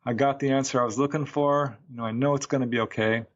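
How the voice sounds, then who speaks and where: A man's voice: medium pitch, steady tone, quick pace, lo-fi sound, lightly acted. A man quoting a worried, earnest mother in a slightly raised voice while telling a story. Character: worried, earnest mother recounting events, woman.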